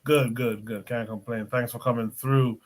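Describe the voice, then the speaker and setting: Male host of a call-in show, mid pitch, measured. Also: steady tone. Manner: measured, reads the chat aloud. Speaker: podcast host. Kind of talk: hosting a call-in livestream.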